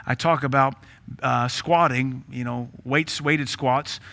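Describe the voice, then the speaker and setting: A man's voice: medium pitch, fairly even intonation, slow pace, creaky, sharp tone. A man preaching a sermon as pastor, blunt and joking, with rhetorical questions and laughs between points. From Tennessee.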